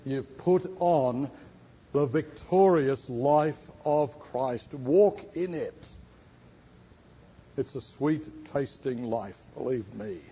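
A man's voice: mid-range voice, expressive, extremely slow, warm tone, slightly rough. A man preaching a sermon and teaching, quizzing his listeners and stressing words emphatically. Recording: long hall reverb.

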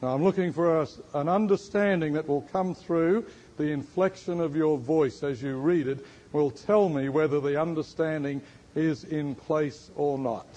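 A man's voice: fairly high pitch, moderate pace, dark tone. A man preaching a sermon and teaching, quizzing his listeners and stressing words emphatically. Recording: long hall reverb.

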